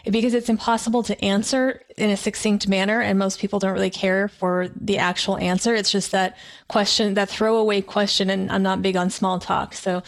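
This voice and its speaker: A woman's voice: medium pitch, little pitch movement, normal speed. A woman hosting an interview, thoughtful and conversational, with light laughs. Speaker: interview host. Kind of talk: casual interview chat.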